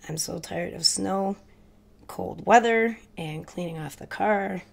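A woman with a low, gravelly voice, stuffy and congested from a cold. She talks in a hurried, chatty way straight to her viewers, showing off craft supplies in a casual vlog. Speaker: crafting vlogger. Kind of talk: casual haul video chat.

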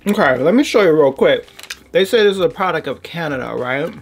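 A woman's voice: low-pitched, expressive, brisk, soft background music. A woman from the United States casually chatting while she tastes snacks, talking with her mouth full and humming mm between bites. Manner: chatty, talks while chewing, lots of mm sounds. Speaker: vlogger. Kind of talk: casual snack unboxing and tasting chat. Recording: noisy with wrapper crinkling.

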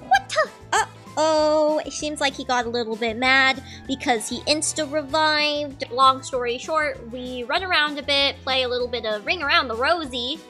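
Woman, young adult, high-pitched, bright, trash-talking game narration, mock-boastful, faint music. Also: normal speed, hardly any pauses. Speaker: gaming channel host. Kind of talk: comedic gameplay voice-over.

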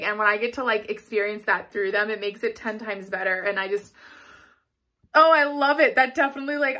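A woman's voice: on the high side, sharp tone. A young woman giving a gushing, emotional reaction commentary as a vlogger, often laughing and squealing. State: out of breath.

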